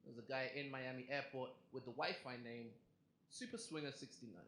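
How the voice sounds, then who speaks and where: A young adult man with an English accent delivers a brisk stand-up set in a comedy club, addressing the crowd conversationally and punchily. His voice is medium-pitched and a touch bright; the club echoes, and the audience laughs.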